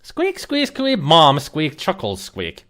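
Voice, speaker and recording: A man voicing a squeaky, chattering pet ferret as a comic gag in a game playthrough. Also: huge pitch swings, slow, sharp tone, heavily acted. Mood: playful. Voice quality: squeaky, chittering. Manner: repeats "squeak" and "chuckle" in a high silly voice. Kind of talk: comic let's-play voice gag.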